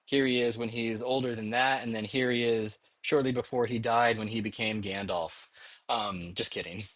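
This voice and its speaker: A man's voice: mid-range voice, steady tone, moderate pace, fairly bright tone. A middle-aged man teaching a math course in a conversational, encouraging way, often checking in with "okay?". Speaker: math instructor. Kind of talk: recorded lecture narration over slides.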